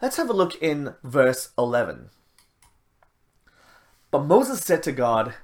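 Animated Bible-teaching preacher. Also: medium pitch, takes it slowly, long pauses. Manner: conversational, reads scripture aloud, explains.

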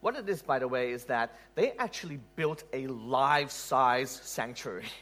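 Animated male preacher with a lively voice. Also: medium pitch, normal speed. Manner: animated, rhetorical questions, laughs at own story. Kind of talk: sermon.

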